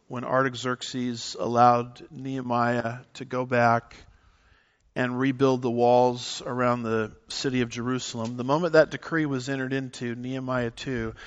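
A man's voice: medium pitch, a little slow. Emphatic male preacher, slightly lo-fi. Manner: animated, emphatic teaching with scripture references. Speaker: pastor. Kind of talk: sermon.

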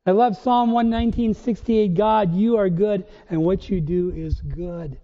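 A man's voice: sits high, measured pace. A man preaching a sermon as pastor, firing rhetorical questions with emphatic rises. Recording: dull, lo-fi recording in a reverberant church hall.

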